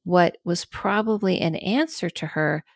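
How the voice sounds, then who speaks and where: A woman hosting a podcast in casual chat, rambling with lots of fillers and lively acted-out quotes. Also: fairly low pitch, unhurried, creaky, no room sound, studio quality. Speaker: podcast host.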